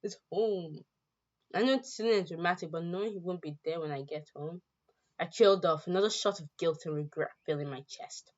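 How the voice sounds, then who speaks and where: A woman's voice: lowish voice, fast talker. A young woman playing a story game, reading it aloud and reacting in a playful, slangy way. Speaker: game streamer. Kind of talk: let's-play commentary and read-aloud. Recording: dull lo-fi sound.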